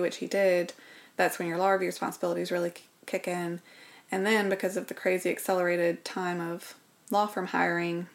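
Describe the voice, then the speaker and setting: A woman, speaking as an interview guest and telling a personal story in an earnest, reflective way. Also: lowish voice. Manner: earnest, reflective, drops to a whisper at painful moments.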